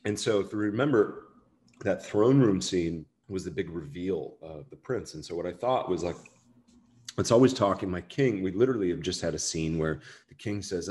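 A man's voice: low voice, animated, moderate pace, darkish tone, a little hiss or hum. A man, an actor, chatting casually in an interview, rambling and self-deprecating with many fillers. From United States. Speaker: actor guest.

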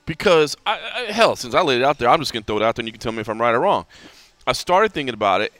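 Fast, lively man hosting. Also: medium pitch, dry recording. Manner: animated, talks fast with many restarts. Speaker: podcast host. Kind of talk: casual sports chat.

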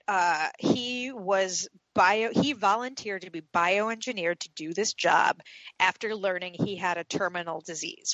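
A chatty woman co-hosts a podcast, her voice bright and quick to break into laughter. The recording is dry and a little dull. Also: medium pitch, no room sound. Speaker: podcast co-host. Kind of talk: casual chat.

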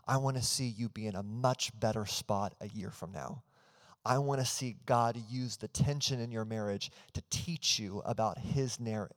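Earnest male pastor in a reverberant hall. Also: mid-range voice. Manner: earnest storytelling, then prayer. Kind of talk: sermon. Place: church hall.

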